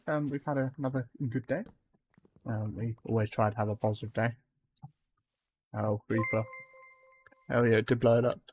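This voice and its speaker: During a live game stream, a man casually talks with his viewers, welcomes them by name, and says um a lot, noting his accent can be tough to understand. He has a mid-range voice with a little hiss or hum in the recording.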